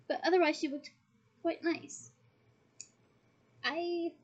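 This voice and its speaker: High-voiced woman reading a novel aloud. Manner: playful, giggly asides to listeners. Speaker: audiobook reader. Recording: dull lo-fi recording.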